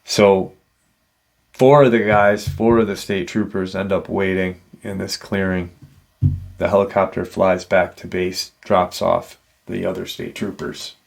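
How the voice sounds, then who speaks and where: Guy with a low gravelly voice telling a spooky encounter story, real slow, lots of you knows. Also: little pitch movement. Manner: halting, full of "you know" fillers. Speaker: paranormal storyteller host.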